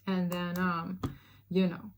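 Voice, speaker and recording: Brief: woman, lowish voice, chatty storytime vlogger, lots of "like" and "y'all". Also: slow pace, slight background noise. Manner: animated, chatty, many fillers, addresses listeners as y'all. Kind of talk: casual storytime chat.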